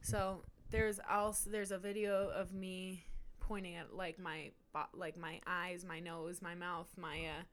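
Bright-voiced woman in playful chat. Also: lowish voice, flat delivery, unhurried. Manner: playful, laughs easily, teasing. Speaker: podcast co-host. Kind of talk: casual chat. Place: home, at a table.

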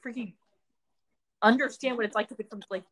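A woman's voice: fairly high pitch, steady tone, brisk, fairly bright tone. Young female co-host, casual, rambling delivery full of fillers. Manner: rambling, filler-heavy, says "like" constantly. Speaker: podcast co-host. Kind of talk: casual chat.

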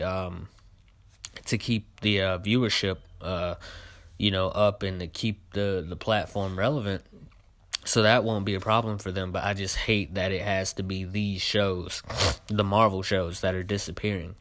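A man's voice: sits low, fairly even intonation, moderate pace, fairly bright tone, no room sound. A young man hosting his own show, giving a casual spoken review of a trailer, full of fillers and heated complaints.

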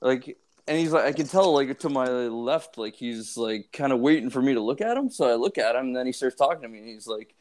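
A man co-hosting a casual podcast, chatting in a laid-back, halting way with "uh" and "like" fillers. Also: mid-range voice, animated, darkish tone. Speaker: podcast co-host.

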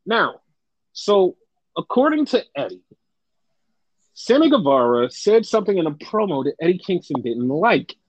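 A man hosting a casual podcast chat, telling stories in a profane, animated way and putting on voices for the people he quotes. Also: sits high, normal speed, long pauses, no room sound, rough recording. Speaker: wrestling podcast host.

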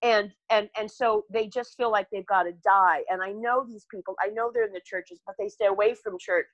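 A woman's voice: mid-range voice, lively intonation, a little fast, dry recording, muffled recording. An older woman talking earnestly as a podcast guest, rambling and restarting her sentences as she speaks. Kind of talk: candid podcast conversation.

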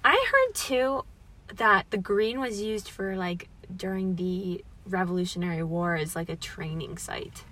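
A young woman co-hosting a casual podcast, expressive and sarcastic, laughing often. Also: medium pitch, unhurried. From New England. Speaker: podcast co-host. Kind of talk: casual chat.

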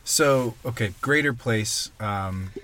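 Male podcast host, relaxed delivery, takes his time. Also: medium pitch, takes it slowly. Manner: relaxed, summarizing a plot from notes. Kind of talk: casual podcast chat.

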